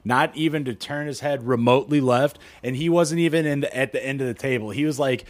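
Man, podcast co-host, rambling anecdotes, profane, mid-pitched, dead dry room. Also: a little fast, dry recording. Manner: profane, storytelling, acts out quotes in shrill voices. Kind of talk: casual banter podcast.

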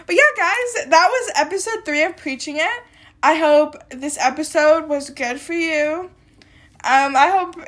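A woman's voice: sits high, a bit bright. A young woman with a little cold hosting a casual solo podcast, rambling and chatty, full of "like" and "um". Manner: rambling, chatty, heavy use of "like" and "um". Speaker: podcast host.

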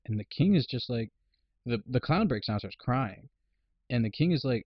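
A man's voice: mid-range voice, fairly quick, dry recording. A man in a casual chat, retelling a film plot with lots of swearing and acted-out lines. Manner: animated retelling, acting out characters' lines; swears freely. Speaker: podcast host recapping a film. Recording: dry, dull lo-fi recording.

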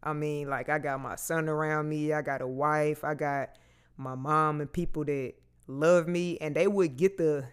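A man's voice: on the high side, steady tone, measured pace, clean tone. A man, talking candidly and casually to his viewers, swearing freely as he goes. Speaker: vlogger. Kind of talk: candid personal talk to camera.

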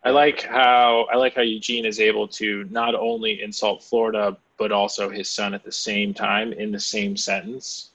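A man's voice: on the low side, normal speed, few pauses. A man from the Chicago area co-hosting a podcast, telling funny stories in casual chat. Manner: joking, animated storyteller. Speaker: podcast co-host. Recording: slightly dull lo-fi audio.

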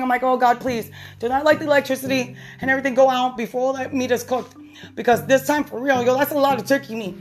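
A woman hosting a casual solo podcast, rambling with fillers and laughing easily. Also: a little high. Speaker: podcast host.

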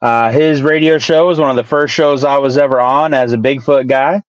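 A man's voice: mid-range voice, steady tone, normal speed, no room sound. Man hosting, dull dry mic. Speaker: host. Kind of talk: casual chat.

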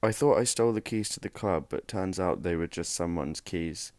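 An exhausted young man runs a casual solo podcast, drifting from point to point and joking about himself wearily. His low, slightly mellow voice moves at a moderate pace, with no room sound.

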